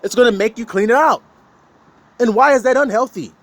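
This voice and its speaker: A man's voice: very high-pitched, a little fast, no room sound. A man delivering a blunt, profane preachy monologue, rebuking his listeners and mocking them in put-on voices. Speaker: online preacher.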